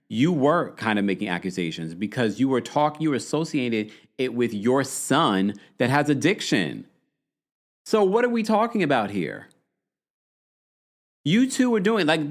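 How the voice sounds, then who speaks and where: A man hosting a podcast, chatting casually in slang and acting out quotes from the people he talks about. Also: mid-range voice. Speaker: podcast host. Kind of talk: casual recap commentary.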